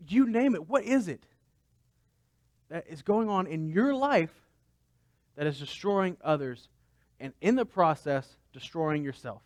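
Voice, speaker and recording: A man's voice: fairly high pitch, animated, a little slow, pauses often, no echo. A man pastor giving a conversational sermon, asking the congregation rhetorical questions.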